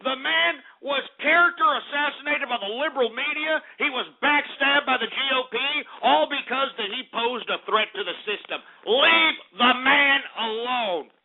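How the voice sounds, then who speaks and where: A loud Texan man hosts a talk radio show, cursing and ranting in sudden bursts. His voice sits high. The sound is thin and tinny, like a phone line. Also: moderate pace, hardly any pauses. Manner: loud, cursing, shouts in outbursts.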